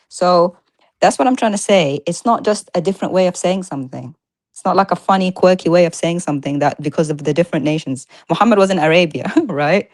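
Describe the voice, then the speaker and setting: A woman co-hosting a live-streamed talk show, arguing emphatically in casual chat with rapid-fire rhetorical questions. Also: fairly low pitch, darkish tone, no room sound.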